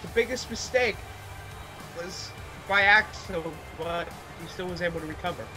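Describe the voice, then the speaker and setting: A man's voice: sits high, moderate pace, bright, forceful tone, faint music behind, poor audio. A man co-commentating on a wrestling video game, rambling and restarting as he names the moves. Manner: rambling, stumbling over move names, analytical. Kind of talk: casual play-by-play commentary.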